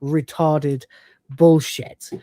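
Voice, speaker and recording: A woman's voice: sits low, little pitch movement, very slow, dark tone, no room sound, studio quality. A woman hosting a casual review podcast, rambling and swearing, with lots of fillers. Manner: rambling and profane, with many fillers. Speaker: podcast host.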